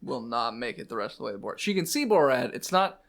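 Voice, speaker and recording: A man narrating a tabletop game as its game master, relaxed and amused. His voice has a gravelly edge at a middling pitch. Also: fast. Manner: laid-back, laughing often while narrating.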